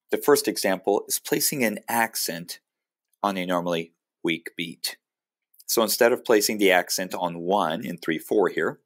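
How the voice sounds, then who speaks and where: A man with a very low, deep voice narrates a music theory lesson. He explains each point in a calm, measured way, like a teacher walking students through the material.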